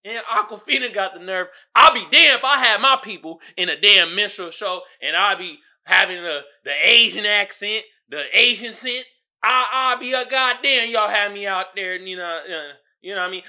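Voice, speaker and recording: Male podcast host, loose rant, high voice with a lot of swing, incredulous and loud at times. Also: moderate pace. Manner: animated, incredulous, bursts into shouting and laughter. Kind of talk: casual commentary rant.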